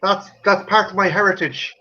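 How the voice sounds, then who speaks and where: An Irish man hosting a casual group chat on a livestream, swearing freely and joking in quick banter. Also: high-pitched, fairly even intonation, sharp tone. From Ireland. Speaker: stream host. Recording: dull lo-fi stream audio.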